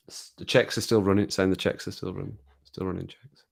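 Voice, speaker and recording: Low, gravelly and fairly fast, this Midlands-accented Englishman's voice stays flat as he chats on a live stream. He wanders from topic to topic, laughs a little and pokes fun at himself.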